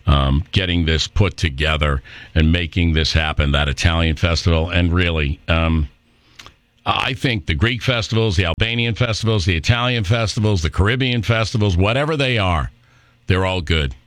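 A man's voice: low-pitched, normal speed, a bit bright, no echo. A middle-aged man hosting a political talk radio show, opinionated and rambling, with fillers and restarts.

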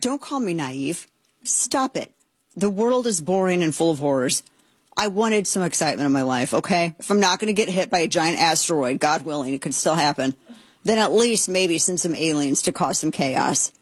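A woman hosting a talk show, giving comedic political commentary in a sarcastic, excitable, animated way. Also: low voice, moderate pace, breathy edge, no room sound.

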